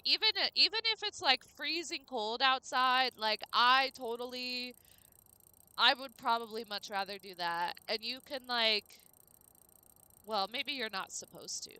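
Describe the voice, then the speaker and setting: Young woman streamer rambling to chat, kinda high and super bright, dry close sound. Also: smooth, dry recording. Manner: rambling and chatty, full of "like" fillers. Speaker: game streamer. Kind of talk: casual live-stream chat with viewers.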